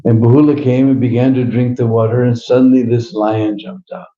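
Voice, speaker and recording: A man gives a devotional storytelling talk in a very dark, mellow voice, chatty and full of little chuckles and "hmm?" asides. The sound is roomy, and the live recording is a bit dull. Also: mid-range voice, flat delivery, a little fast. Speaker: devotional speaker.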